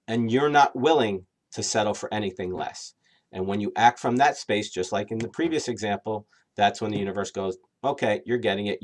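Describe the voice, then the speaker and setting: Animated male dating coach. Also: fairly low pitch. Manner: animated, acts out quoted inner voices. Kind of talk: direct-to-camera advice talk.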